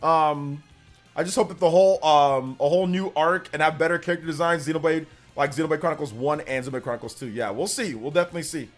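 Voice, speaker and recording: A man's voice: fairly high pitch, quick pace, faint music behind. A young man hosting a livestream, telling a rambling school story in casual chat and thanking viewers for donations. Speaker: livestream host.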